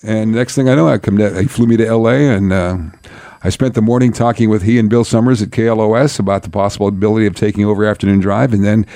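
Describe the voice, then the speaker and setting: A middle-aged man, a radio DJ, telling career stories in an animated, laughing way. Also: on the low side, fast talker, no room sound. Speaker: radio DJ, interview guest. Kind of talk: casual storytelling interview.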